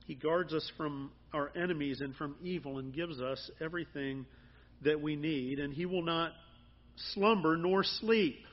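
A man delivers a sermon in a conversational, earnest way, his emphasis rising now and then. His voice sits high and comes out husky. The recording sounds a little muffled. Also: measured pace. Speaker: pastor.

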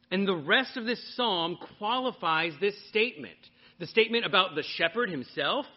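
A man preaching a sermon to a congregation, teaching in an animated way and putting questions to his listeners. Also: high-pitched, muffled recording. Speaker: pastor.

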